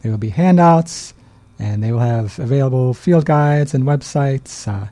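A man's voice: mid-range voice, unhurried, warm tone. A man co-hosting a community radio show, easygoing and reading out announcements in casual chat. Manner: easygoing, laughs, reads announcements. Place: radio studio.

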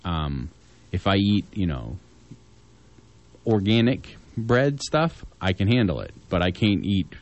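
A man's voice: deep voice, big pitch swings, takes it slowly. Easygoing man reading community news. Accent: Southern Illinois. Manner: easygoing, joking, rambling asides. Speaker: community radio news co-host. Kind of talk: casual on-air chat and listings.

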